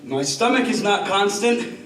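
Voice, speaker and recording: A man's voice: sits high, expressive, measured pace, fairly bright tone, a little hiss or hum. A man playing a blustering drunk butler. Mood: tipsy. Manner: boisterous, tipsy, blustering. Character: drunken swaggering male butler, adult. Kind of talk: live stage acting. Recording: echoey, distant stage mic with music.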